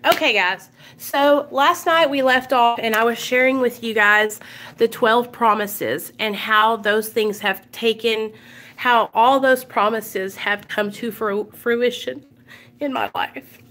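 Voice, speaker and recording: A woman's voice: fairly high pitch, fairly even intonation, takes it slowly, a bit bright. A woman vlogger reading recovery texts aloud, then sharing her story in an earnest, emotional way with many fillers and restarts.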